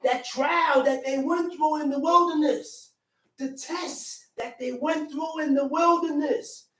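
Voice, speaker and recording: Woman preacher, higher voice, heard from a distance in an echoey room, emphatic and repetitive. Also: fairly even intonation, takes it slowly, a bit bright. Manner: emphatic call-and-response preaching, repeating lines. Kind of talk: sermon.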